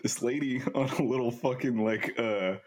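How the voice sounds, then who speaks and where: A man's voice: mid-range voice, normal speed, a little mellow. Young man telling stories with laughter. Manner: laughing storyteller, swears freely. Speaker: podcast host. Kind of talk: casual chat.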